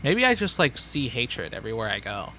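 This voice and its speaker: A man's voice: mid-range voice, wildly swooping pitch, brisk, sharp tone, a little hiss or hum. A young man streaming a building game, rambling sardonically and talking to himself. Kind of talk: casual gameplay chatter.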